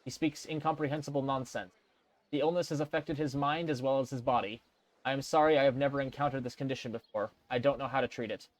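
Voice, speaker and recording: Man doing a plain-spoken game doctor, middle pitch, factual. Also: steady tone, fast, natural voice. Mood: grave. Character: careful male expedition doctor.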